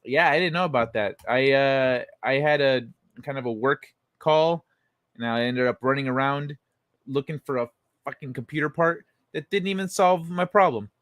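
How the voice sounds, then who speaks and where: A man's voice: mid-range voice, normal speed, fairly bright tone, no room sound, clean studio sound. A man hosting a casual late-night livestream, reading and answering chat in a laid-back way, swearing freely and chuckling. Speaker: livestream host.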